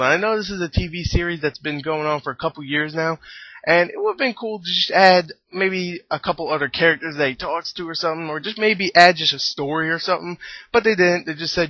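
A man's voice: a little high, brisk, dry recording, highs cut off. A man giving a casual, blunt spoken game review, ranting and swearing freely. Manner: blunt, profane, exasperated ranting.

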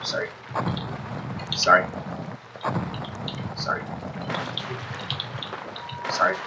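A young man casually commenting on his gameplay, excitable and yelping with surprise. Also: extremely slow, very noisy. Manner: excitable, shouts and yelps of surprise. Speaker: gaming streamer.

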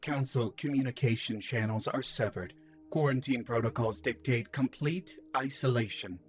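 A man voicing an emotionless station AI that makes flat, official announcements, in an audio story. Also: mid-range voice, moderate pace, faint music behind, natural voice.

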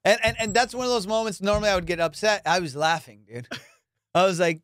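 A man's voice: high voice, expressive, fast talker, fairly bright tone, no room sound, studio quality. A man hosting a podcast, chatting casually and telling stories full of swearing and laughter. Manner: profane, storytelling, laughs often. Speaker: podcast host. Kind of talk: casual chat.

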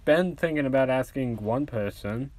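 A man's voice: mid-range voice, moderate pace, a little mellow, no room sound, lightly acted. A man voicing a shy, unsure teenage boy who stammers and hesitates.

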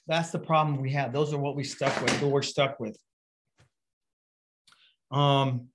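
Middle-aged man, pastor; relaxed sermon delivery, chatty and anecdotal, voice sits a bit high. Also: a little hiss or hum. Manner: casual, storytelling with fillers and restarts. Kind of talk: conversational sermon.

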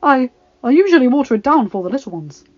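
A woman's voice: high voice, big pitch swings, fast, a little mellow, muffled recording, pitched above the performer's own voice. A woman voicing a sly, unsettling old woman storyteller in a storybook reading.

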